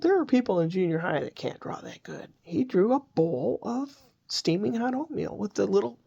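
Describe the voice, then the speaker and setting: An older grandmother talks through family stories in a casual monologue. She rambles in a homey way and restarts her sentences. Her voice is gravelly and husky. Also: on the high side, dark tone, muffled recording.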